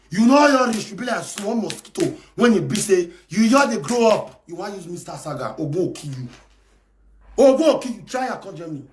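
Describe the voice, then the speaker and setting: A man with a Nigerian accent ranting on a live stream, shouting, scolding and taunting. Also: high voice. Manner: shouting, scolding and taunting in Pidgin-laced English. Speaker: live video host. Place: abroad in France.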